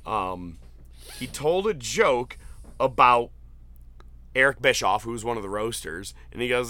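A man hosting a casual podcast chat, retelling jokes with excited, profane laughter. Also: mid-range voice, moderate pace, long pauses, no echo. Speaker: podcast host. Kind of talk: casual chat recapping an event.

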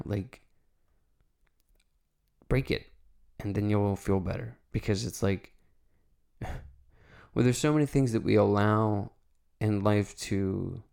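A man in his forties with a low, gravelly voice, hosting a solo podcast. He tells a personal story in a loose, rambling way, full of "you know" and "like," and he swears freely. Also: darkish tone. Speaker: podcast host.

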